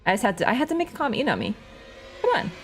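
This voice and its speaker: A woman's voice: on the high side, wildly swooping pitch, very fast, slight background noise. A woman livestreaming a game, chatting casually to her viewers in a rambling, joking way that is full of swearing. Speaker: gaming livestreamer. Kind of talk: casual stream chat.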